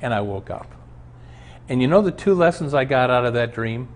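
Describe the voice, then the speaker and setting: A man's voice: medium pitch, animated, moderate pace. Earnest man preaching a Bible lesson. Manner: earnest storytelling, emphatic. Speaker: pastor. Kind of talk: teaching sermon on a Bible show.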